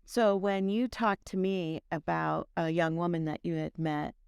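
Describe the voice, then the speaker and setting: Gravelly low-voiced woman co-host. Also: fairly even intonation, measured pace, a little mellow, dry recording. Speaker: podcast co-host. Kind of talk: casual podcast banter.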